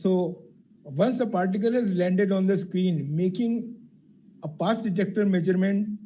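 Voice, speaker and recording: A man giving a technical physics lecture, explaining carefully with frequent pauses and fillers. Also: high-pitched. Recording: tinny phone-like lecture audio with faint hiss.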